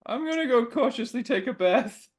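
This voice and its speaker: A man playing in a tabletop game, joking in a wry, deadpan way in character. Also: extremely high pitch, moderate pace. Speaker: player. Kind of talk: casual in-character banter.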